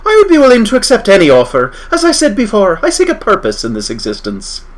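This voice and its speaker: A man's voice: sits high, huge pitch swings, quick pace, voice pushed up. A man voicing a solemn, abandoned male robot who speaks in a grave and formal way.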